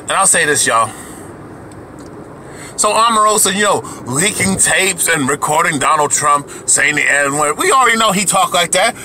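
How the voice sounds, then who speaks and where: A man's voice: high-pitched, expressive, moderate pace, bright, forceful tone, slight background noise. A man delivering an angry, profane rant to camera as a video commentator, heated and repetitive, often restarting his sentences.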